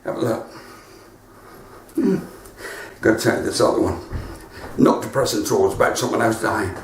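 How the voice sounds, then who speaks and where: Chatty West Country comedian, off-mic. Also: male voice, on the low side, animated, moderate pace, far from the mic, a little hiss or hum. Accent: West Country English. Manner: chatty, laughs at his own jokes. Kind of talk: stand-up jokes on a live stream. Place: his front room at home. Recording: roomy, off-mic home stream.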